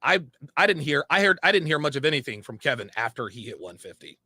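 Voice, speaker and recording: A man's voice: mid-range voice, very animated, fast talker, pushed and bright, no echo. A man speaking frankly in a monologue, repeating phrases for emphasis. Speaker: online commentator. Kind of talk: candid monologue.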